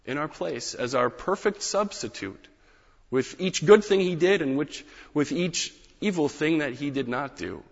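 A man preaching a sermon, emphatic, rising on key phrases and dropping to quiet asides. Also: fairly high pitch, expressive, a little slow, gravelly. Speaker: pastor. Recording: dull reverberant hall sound.

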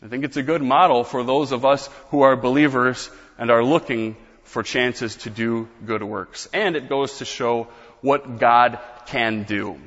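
A man's voice: mid-range voice, fairly even intonation, unhurried, a bit bright, long reverb tail, dull audio. A man preaching a sermon as pastor, explaining scripture in a conversational teaching manner with casual asides.

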